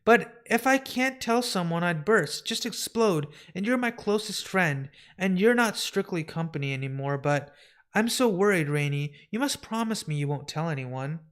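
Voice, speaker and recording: A man's voice: high voice, expressive, normal speed, a bit bright, clear, resonant tone. Guy doing an anxious pregnant lady in her 30s, fretful chatty, live comic read.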